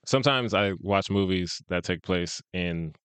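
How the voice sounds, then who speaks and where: A man with a low, smooth voice talks in a laid-back, chatty way and laughs often, co-hosting a casual podcast. The sound is close and dry, with no room around it. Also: a little slow, a bit bright, no room sound. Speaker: podcast co-host. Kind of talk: casual fan-casting chat.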